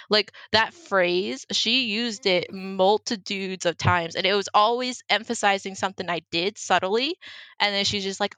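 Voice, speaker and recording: A woman's voice: medium pitch, steady tone, normal speed, pushed and bright, no room sound. A young woman telling a personal story in casual chat, filling her talk with "like". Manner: storytelling, heavy use of "like".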